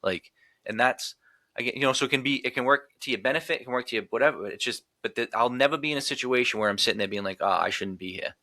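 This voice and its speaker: A man's voice: mid-range voice, fast talker, bright, forceful tone, no room sound. A man talking as a podcast guest in casual chat, ranting emphatically and swearing often.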